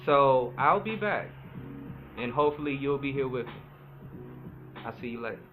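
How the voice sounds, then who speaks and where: A man playing a witty, self-mocking guy charming a woman at a club, speaking dry and sarcastic at a calm pace. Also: mid-range voice, moderate pace, close to an everyday voice. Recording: phone-like sound with music behind.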